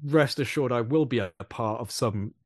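A man in casual conversation, talking in an animated, rambling way and repeating phrases for emphasis. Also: medium pitch, moderate pace, no echo, clean studio sound. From England.

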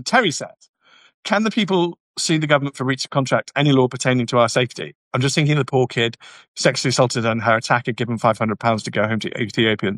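A man's voice: mid-range voice, fairly bright tone, dry recording. A man hosting a livestream, reading viewer comments and answering them bluntly, with sardonic asides. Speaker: YouTube channel host reading viewer comments. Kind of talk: casual livestream chat.

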